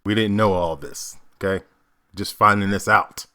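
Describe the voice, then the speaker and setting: An American actor reacting to accent clips with animated, joking comments and laughter. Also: male voice, fairly low pitch, normal speed. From United States.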